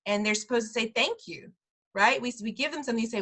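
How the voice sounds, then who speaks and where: A woman leading a friendly parent language class, repeating phrases slowly for learners and laughing often. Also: a little high, sharp tone. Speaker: preschool director teaching a parent Spanish class.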